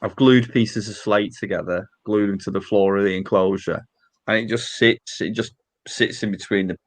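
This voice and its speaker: A man's voice: on the low side, steady tone, moderate pace. A man with a northern English accent chatting casually as a guest on a live stream, rambling with fillers and laughs. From northern England. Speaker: guest, invertebrate keeper.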